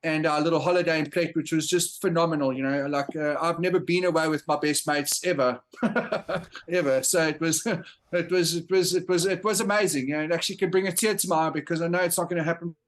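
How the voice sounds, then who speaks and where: Halting man with a slightly high voice. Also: steady tone. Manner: halting, many fillers and restarts. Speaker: guest, entrepreneur. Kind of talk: casual chat among friends.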